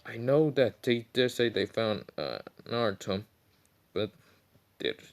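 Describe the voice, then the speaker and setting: A man voicing a scheming older male village leader in a calm, plain tone. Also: medium pitch, takes it slowly, creaky, full character voice.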